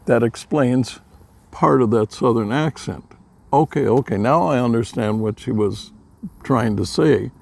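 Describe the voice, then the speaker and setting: An older man from Minnesota, telling folksy personal stories in a plain-spoken, unhurried way, with a gravelly voice. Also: medium pitch, darkish tone. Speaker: storyteller. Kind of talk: casual personal storytelling.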